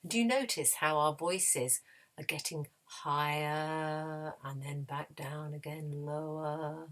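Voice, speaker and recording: A woman teaching a children's music lesson, gently and encouragingly, with playful voice demonstrations. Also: low voice, steady tone, takes it slowly. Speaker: primary school music teacher.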